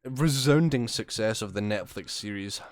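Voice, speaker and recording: A man's voice: on the low side, normal speed. A Scottish man co-hosting a podcast, swearing and joking as he reads out odd news stories in casual chat. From Scotland. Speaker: podcast co-host.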